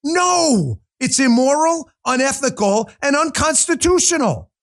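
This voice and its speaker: A man hosting a political talk show, with a voice pitched high for a man. He is combative and sarcastic, hammering his points and firing rhetorical questions straight at his listeners. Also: animated, a little slow, fairly bright tone.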